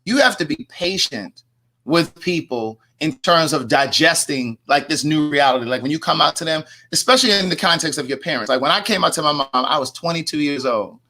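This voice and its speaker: A man on a discussion panel, explaining his view in a calm, measured way. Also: on the high side. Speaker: panel guest.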